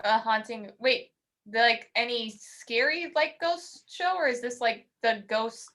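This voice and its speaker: A woman chatting on a casual podcast in a fairly high, bubbly voice. She is talkative and laughs often. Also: a little slow, a bit bright. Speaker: podcast co-host. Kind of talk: casual chat.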